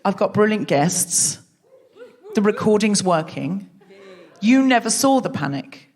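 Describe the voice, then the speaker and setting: A woman's voice: medium pitch, expressive, measured pace, a little mellow. A woman hosting a live comedy podcast on a theatre stage, chatty and self-mocking, teasing the audience. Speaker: podcast host.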